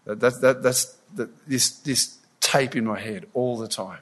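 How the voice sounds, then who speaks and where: A man's voice: mid-range voice, normal speed, hardly any pauses, slightly rough. Earnest man preaching a sermon. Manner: earnest, animated storytelling, frequent restarts.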